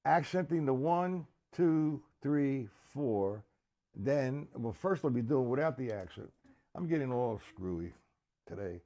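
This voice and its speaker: A man giving a live-streamed drum lesson. He counts beats out loud and chats casually with viewers between exercises. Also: medium pitch, animated, unhurried. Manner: counts out loud over drumming, chatty asides to viewers. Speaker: drum teacher. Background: drum kit playing.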